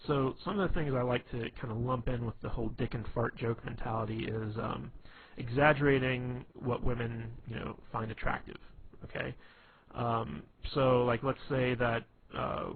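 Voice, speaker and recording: A man giving casual dating advice, rambling with lots of fillers, restarts and "you know". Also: medium pitch. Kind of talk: casual instructional talk. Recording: tinny phone-quality recording with faint hiss.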